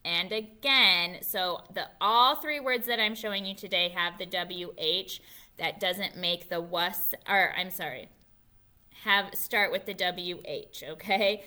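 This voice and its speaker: A woman teaching a phonics lesson to young children, slowly sounding out letters and often checking in with "okay?". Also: on the low side, pushed and bright.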